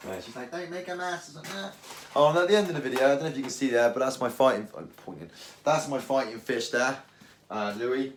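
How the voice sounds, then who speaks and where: Ranting bloke in echoey kitchen. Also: male voice, medium pitch, fast, slight background noise. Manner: animated, slangy, rambling rant. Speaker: angling vlogger. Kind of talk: casual ranting chat. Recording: echoey room.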